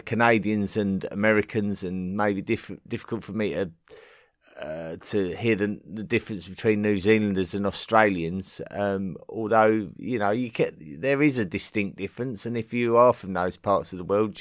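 An English man hosting a podcast, answering listener messages in a casual, halting way with frequent ums and restarts. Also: lowish voice, dry recording, studio quality. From England. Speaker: podcast host. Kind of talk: casual listener-mail segment.

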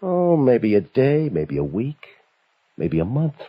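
A man's voice: mid-range voice, very animated, slow. An actor playing a cruel, mocking escaped male convict who holds a couple hostage, speaking in a drawling, taunting tough-guy manner. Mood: menacing. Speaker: villain holding a couple hostage. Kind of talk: vintage broadcast drama acting. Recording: lo-fi old recording with faint music.

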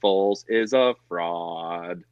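A man's voice: low voice, takes it slowly, a little mellow, smooth, no room sound, lo-fi sound. A man co-hosting a casual sports betting podcast, talking bluntly and profanely in a ranting way. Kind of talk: casual chat.

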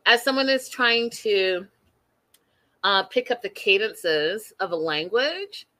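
A woman hosting a casual recap chat over a video call, animated and talking straight to her co-host. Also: mid-range voice, takes it slowly. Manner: animated, acts out quotes, addresses co-host by name. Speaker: podcast host.

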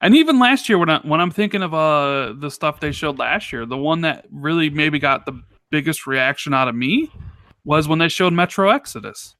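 A man co-hosting a casual gaming podcast, talking in an animated, rambling way full of restarts and fillers. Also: on the high side, moderate pace, no echo, studio quality. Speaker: podcast co-host.

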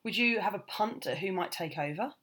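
A bubbly woman from England co-hosts a chatty podcast and teases her partner in a relaxed way. Her pitch moves widely and sounds animated throughout. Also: fairly quick. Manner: teasing, bubbly. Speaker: podcast co-host. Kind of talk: casual chat.

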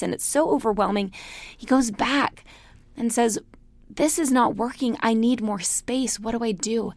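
A middle-aged woman gives a casual spoken lecture, drifting into a folk tale as she chats. Her voice carries a gravelly fry, and it sits dry and close to the mic. She laughs easily as she talks. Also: fairly high pitch, darkish tone, no room sound. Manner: chatty, storytelling, laughs often. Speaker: class instructor.

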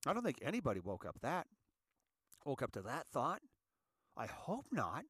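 A man's voice: medium pitch, huge pitch swings, normal speed, long pauses, fairly bright tone, husky, dry recording. A man hosting an emotional solo commentary, impassioned and tired after a sleepless night, often repeating words and restarting sentences. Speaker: host.

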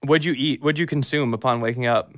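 A man's voice: medium pitch, brisk, a bit bright. A man hosting a podcast, asking eager, curious questions in casual chat, often stammering and restarting. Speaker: podcast host.

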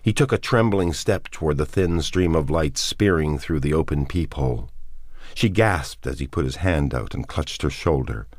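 A man narrating an audiobook in a measured, expressive reading. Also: very deep voice, no room sound. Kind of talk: scripted narration.

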